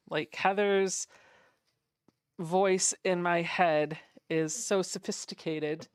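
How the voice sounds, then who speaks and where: A woman's voice: lowish voice, fairly even intonation, slow, clear, resonant tone, dry recording, studio quality. A woman hosting a quilting livestream, chatting casually while she sews and reading out viewer comments. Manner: chatty, reads out viewer comments, hums little sound effects while working. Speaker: quilting channel host.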